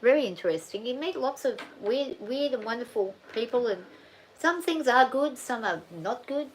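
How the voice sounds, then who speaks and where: A woman's voice: a little high, lively intonation, normal speed, slight background noise, rough recording. A middle-aged woman with an Australian accent, chatting casually and rambling with her viewers on a livestream. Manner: rambling, chatty, thinks aloud with many restarts. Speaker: farm channel vlogger. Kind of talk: casual live chat with viewers.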